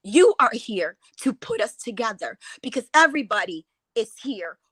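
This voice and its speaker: A woman's voice: on the high side, sing-song, moderate pace, a bit bright, slightly rough, dry recording. A woman giving an impassioned, emotional talk as a guest speaker, rambling and restarting her sentences as she goes.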